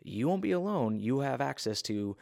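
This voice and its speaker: A man's voice: mid-range voice, very animated, moderate pace, gravelly, darkish tone, no echo, studio quality. A man voicing God as a casual, self-assured, slightly smart-alecky deity in a retold Bible story. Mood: reassuring. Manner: breezy, reassuring, a bit smart-alecky.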